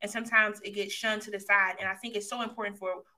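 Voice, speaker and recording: A woman's voice: medium pitch, flat delivery, fast talker, bright, forceful tone. A woman hosting a livestream chat over a video call, enthusiastic and affirming with her guest. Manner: enthusiastic, affirming, laughs easily. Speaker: host. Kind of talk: casual chat.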